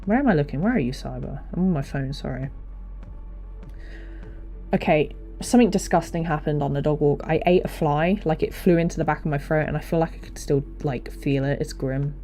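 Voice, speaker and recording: Young woman, deep low voice, mellow tone, rambling casual stream chat, desk mic. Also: brisk, faint music behind. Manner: rambling and chatty, self-deprecating, with many fillers and restarts. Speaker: streamer and hobby voice actor. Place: home streaming setup. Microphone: desk mic on a stand.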